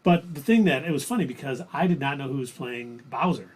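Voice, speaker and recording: A man co-hosting a livestream in easygoing casual chat, with a husky voice, chuckling as he talks. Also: medium pitch, lively intonation, brisk, a little mellow. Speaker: stream co-host.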